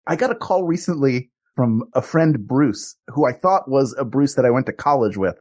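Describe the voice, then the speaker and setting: A man co-hosting a podcast, telling rambling, excitable stories in casual chat. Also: mid-range voice, moderate pace. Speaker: podcast co-host.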